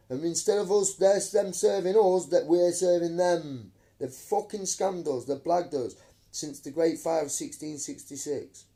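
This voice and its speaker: A man's voice: on the high side, measured pace, creaky, mellow. A man, ranting emphatically into his phone camera on a live stream, swearing and calling listeners mate. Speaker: vlogger.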